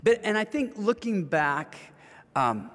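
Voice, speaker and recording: Man, fifties, earnest storyteller, relaxed, slightly high voice, long reverb. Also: takes it slowly. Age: 50s. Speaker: guest speaker on marriage. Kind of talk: conversational storytelling.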